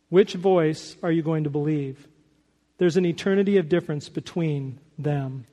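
A man's voice: a little high, normal speed, dark tone. A man preaching a sermon as a pastor, earnest and emphatic, reading a story aloud to his congregation. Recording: long hall reverb.

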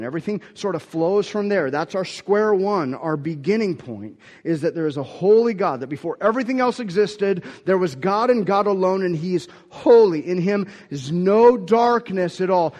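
A man preaching a sermon as pastor, emphatic, his force swelling and then dropping low. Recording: long hall reverb.

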